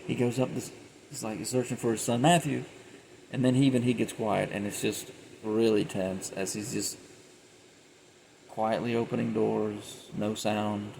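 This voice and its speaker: Man, gravelly voice, casual film review, rambling, animated retelling, faint background noise. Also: on the low side, measured pace, poor audio. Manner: rambling, animated, laughs often, acts out scenes.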